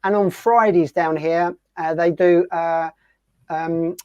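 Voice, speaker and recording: A man hosting a radio show, asking a guest questions in an easygoing, halting way. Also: fairly high pitch, steady tone, clear, resonant tone, no echo. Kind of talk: casual interview chat. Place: home on the coast in southern Spain. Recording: dry, dull lo-fi sound.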